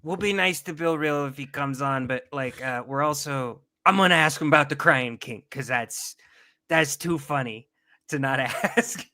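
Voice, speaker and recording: A man with a slightly raised, bright and forceful voice, recorded dry and close. He co-hosts a loose livestream chat, joking around and swearing freely. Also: on the high side, normal speed, dry recording. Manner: joking, swears freely, slips into loud accent impressions. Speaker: podcast co-host.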